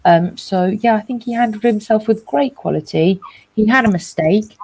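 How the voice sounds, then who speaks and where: A woman's voice: medium pitch, moderate pace, a little mellow. A woman talking football in casual chat, rambling and jokey with lots of restarts. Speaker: co-host of a football reaction show.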